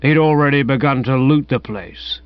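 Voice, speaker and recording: A man's voice: mid-range voice, normal speed, smooth, no echo, close to an everyday voice. A man voicing a stern, bullying man who speaks curtly and smugly in an audiobook. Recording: dull, dry, lo-fi sound.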